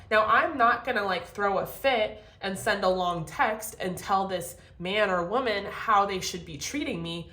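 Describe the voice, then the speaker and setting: A woman giving a casual tarot reading to camera, animated and profane, laughing often. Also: mid-range voice, moderate pace, few pauses, roomy sound. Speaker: tarot reader.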